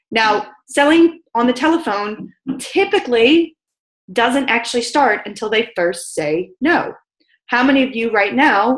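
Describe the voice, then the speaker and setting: A woman sales coach teaching a business training session, brisk and emphatic, repeating her key points. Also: fairly high pitch, roomy sound, low-quality recording.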